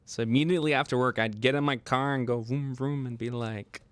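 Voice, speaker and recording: A young man hosting a casual livestream, excitable and laughing often as he chats with viewers. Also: medium pitch, a little fast, no echo. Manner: excitable, laughs often, quotes movie lines in funny voices. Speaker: livestream host.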